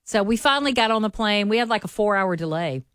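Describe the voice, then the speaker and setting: A woman with a Southern accent, hosting a radio morning show and telling stories in a chatty, animated way. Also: mid-range voice, fast, clean tone, dry recording, studio quality. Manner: chatty, animated, addresses listeners as y'all. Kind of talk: casual on-air storytelling.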